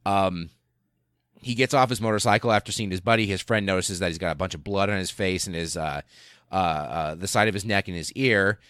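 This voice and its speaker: Low-voiced, profane podcast host. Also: male voice, fairly quick, fairly bright tone, clear, resonant tone, no room sound, clean studio sound. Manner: profane, rambling, with laughs and many fillers. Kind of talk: casual history storytelling.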